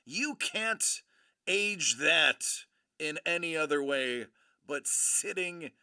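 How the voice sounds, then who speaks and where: A man hosting a livestream, giving excitable, playful commentary as he opens trading card packs into a streaming mic. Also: on the high side, slow pace, no echo, studio quality. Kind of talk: live card-break commentary.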